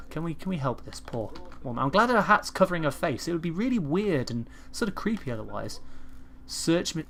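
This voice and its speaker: Jokey, sweary gaming commentator. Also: male voice, a little high, quick pace. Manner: jokey, sweary, animated reactions. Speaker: gaming YouTuber. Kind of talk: let's-play commentary.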